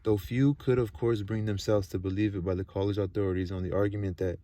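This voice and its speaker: Low flat-voiced man reading aloud. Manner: halting reading with restarts and stumbles; chatty asides between passages. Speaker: amateur reader. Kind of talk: casual read-aloud of a novel.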